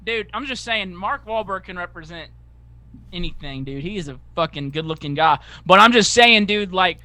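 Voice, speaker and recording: A young man, a music producer guest, chatting casually in an energetic, crude, swearing, joking way. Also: high-pitched, normal speed, dry recording. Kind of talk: casual chat.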